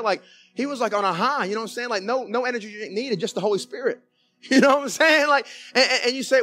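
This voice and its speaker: A male pastor preaching a conversational sermon in a church, folksy and animated, with many restarts. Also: very high-pitched, fast, soft background music. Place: church sanctuary.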